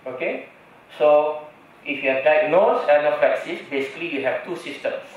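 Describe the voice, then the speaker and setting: A man's voice: on the high side, moderate pace. A man with a Malaysian English accent, a doctor giving a public talk, chatty, often checking in with the audience with "right?" and "okay?". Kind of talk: lecture to an audience. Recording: echoey hall, distant dull mic.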